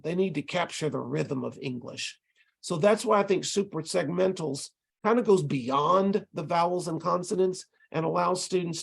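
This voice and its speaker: Teaching language tutors in an online lecture heard over a video call, a man speaks at a fairly high pitch with vocal fry and a husky quality. He goes step by step and taps rhythms out with syllables.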